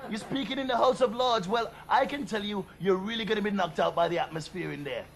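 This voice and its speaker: Brash comic host, high gravelly voice, music under, phone-call gag. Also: male voice, quick pace, few pauses, some chatter behind. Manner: brash, cheeky, boastful. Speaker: comedy presenter doing a prank phone call sketch.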